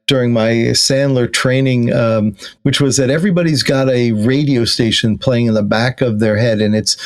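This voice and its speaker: A man hosting a podcast interview, chatting in a lively way with many fillers and restarts. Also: mid-range voice. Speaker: podcast host. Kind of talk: conversational interview.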